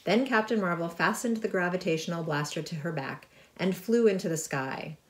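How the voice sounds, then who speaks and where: A middle-aged woman with a fairly low voice reads her picture book aloud to children. She is lively and chatty, breaking off to point out the pictures. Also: moderate pace. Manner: lively reading, chatty asides about the pictures. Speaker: author reading her book. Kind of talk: storybook read-aloud.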